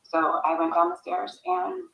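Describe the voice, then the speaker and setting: A woman recalling family events in a recorded interview, speaking haltingly. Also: fairly low pitch, very animated, a bit bright. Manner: halting, hesitant recollection. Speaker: interviewee, sister of the subject. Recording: echoey room.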